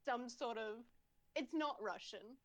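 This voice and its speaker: A woman's voice: a little high, unhurried. A woman in casual chat as a tabletop game player, rambling, swearing and laughing often.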